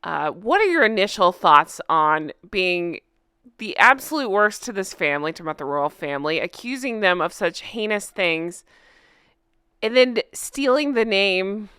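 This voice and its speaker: Chatty lady host doing casual commentary, smooth clear voice, dry sound. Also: medium pitch, normal speed, no room sound. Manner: chatty, laughs often, animated.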